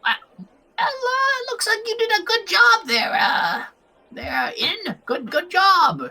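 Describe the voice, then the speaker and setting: A man voicing a small, fussy elf woman who talks in a high, flustered flutter in a tabletop game. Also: sing-song, slow, vocal fry, sharp tone, heavily acted. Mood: cheery.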